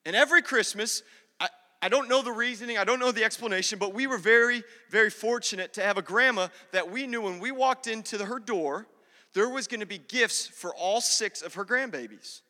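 A man's voice: high-pitched, a little fast, sharp tone, big-room sound. A man preaching a sermon in a church, telling a funny personal story and talking straight to the congregation. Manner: humorous, talks directly to the congregation. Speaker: pastor.

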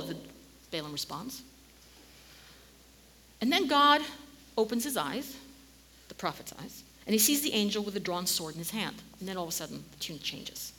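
A woman delivers a sermon with animated storytelling, her pitch leaping and sinking and sometimes dropping to a hush. Her voice is bright and breathy, with a long hall reverb behind it. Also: normal speed, long pauses. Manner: animated storytelling, dips to near-whisper. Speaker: preacher.

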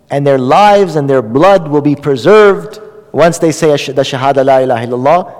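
A man with a fairly high voice delivers an Islamic lesson to a gathering. He talks conversationally, leaning on fillers and repeating key phrases for emphasis. His voice carries a long hall reverb. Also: darkish tone. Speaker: religious lecturer.

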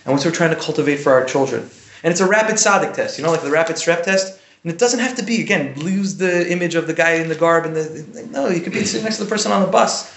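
A man with a somewhat high voice teaches an informal religious class, chatty and lively, tossing "right?" to his listeners. The room around him is echoey, with a faint hiss in the background. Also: fast, gravelly. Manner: conversational, often asks "right?", animated bursts. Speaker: Jewish teacher giving a class. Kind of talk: informal Torah lecture.

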